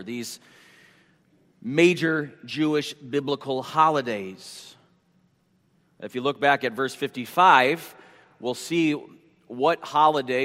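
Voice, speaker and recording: A pastor delivers a sermon at a slow, measured pace, pausing between phrases and repeating key points. His voice sits at an ordinary male pitch. The sound carries a long reverb, as in a church sanctuary. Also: fairly bright tone. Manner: slow, deliberate preaching with repeated headings.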